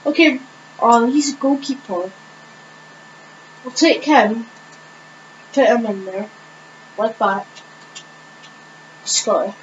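A woman with a fairly high voice talks through a video game at a very slow, unhurried pace, thinking aloud and hesitating often. The recording sounds dull and lo-fi, with a faint hiss underneath. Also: pushed and bright. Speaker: gaming channel host. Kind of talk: casual gameplay commentary.

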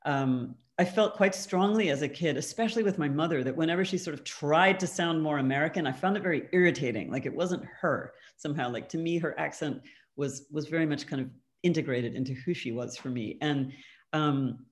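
A woman's voice: low-pitched, a little fast. A woman, a guest artist, answers audience questions in a thoughtful, conversational way over a video call. She hedges with "um" and "kind of" and laughs lightly.

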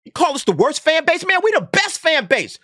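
A man's voice: very high voice, big pitch swings, a little fast, bright, forceful tone, dry recording, studio quality. A man hosting a commentary channel, ranting in a sarcastic, emphatic way and tagging his points with "okay?". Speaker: YouTube commentary host. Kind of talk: heated opinion rant.

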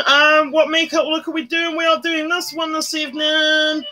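A chatty livestreamer with a high, bright voice, talking casually while doing makeup. They greet viewers one after another and hum along. Faint music plays in the background. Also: normal speed, few pauses.

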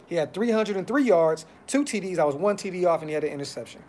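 Man, fan podcast host, casual live-stream talk, frustrated, blunt slang, a bit high-pitched. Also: lively intonation, quick pace, a little mellow. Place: brother's house.

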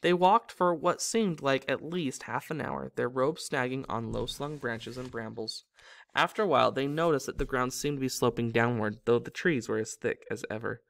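A man's voice: mid-range voice, normal speed, gravelly, no echo. Man reading a story aloud, dry sound. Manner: lively storytelling with slips and self-corrections. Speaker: reader. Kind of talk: audiobook reading of a novel.

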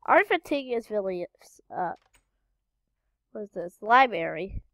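A woman's voice: mid-range voice, sing-song, a little slow, fairly bright tone, no echo. A woman hosting a gaming channel, giving casual gameplay commentary and muttering to herself while she searches, with frequent exclamations.

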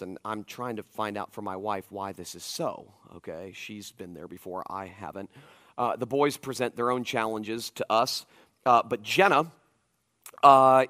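A pastor with a fairly low-pitched voice preaches at a conference. His sermon is animated and conversational, told in a storytelling style.

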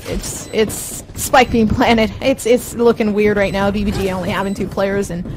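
A woman's voice: medium pitch, fairly even intonation, normal speed. A woman casting an esports match live, often stammering and repeating her words. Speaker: esports caster. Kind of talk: live play-by-play commentary. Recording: clear background noise.

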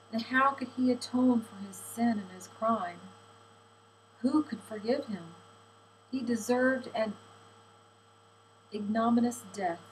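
A woman reading a historical novel aloud in measured, expressive audiobook narration. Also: medium pitch, slight background noise, poor audio. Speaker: audiobook reader.

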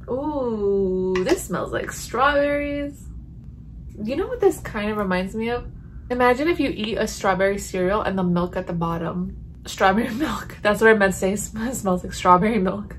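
A woman's voice: mid-range voice, a little hiss or hum. A woman chatting casually in a home vlog, reviewing candles and reacting as she smells each one. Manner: chatty, animated, sniffing and reacting. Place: home room.

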